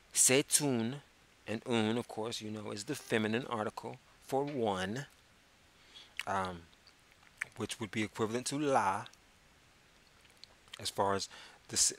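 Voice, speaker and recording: Slow, bright-voiced man teaching French. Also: fairly low pitch. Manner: slow, spells words out letter by letter, drawn-out repetitions. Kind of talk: casual language lesson. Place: public access TV studio.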